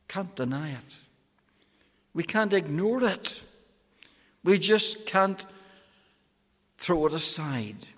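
A man's voice: fairly high pitch, a bit bright. Male preacher, emphatic and pleading, long echo of a big hall. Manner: slow, emphatic pleading with soaring and falling phrases. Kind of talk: evangelistic sermon.

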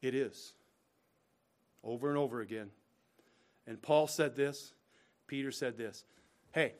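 With a medium-pitched voice, a male pastor preaches, alternating between loud emphatic bursts and hushed, slow asides while asking his listeners rhetorical questions.

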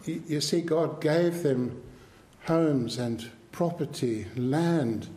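A man preaching a sermon to his congregation with a measured, emphatic delivery. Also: a little high, dark tone, roomy sound. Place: church.

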